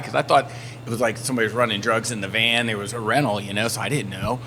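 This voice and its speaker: A man telling a story in a casual chat, acting out shouted quotes as he goes. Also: medium pitch, quick pace. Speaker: band member. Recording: faint background noise.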